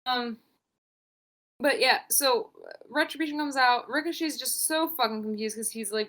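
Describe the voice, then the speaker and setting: A young woman co-hosts a podcast, recapping wrestling in casual, animated chat where she swears freely and acts out what people said. Her voice is fairly high and moves at normal speed.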